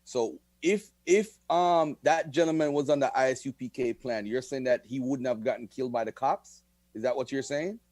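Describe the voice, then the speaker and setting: A man moderates a live online debate, breaking in to ask pointed questions in a measured tone. His voice sits mid-range and sounds dry and close. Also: mid-range voice, darkish tone, dry recording. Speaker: stream host and moderator.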